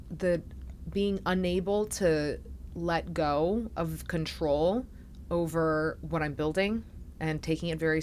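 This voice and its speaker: Woman, podcast host, low voice, soft-spoken, reflective, faint hiss. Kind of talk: intimate interview conversation.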